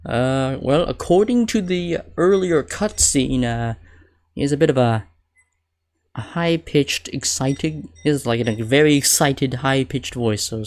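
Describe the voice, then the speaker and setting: A man streaming a game, rambling through casual asides that he keeps interrupting. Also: mid-range voice.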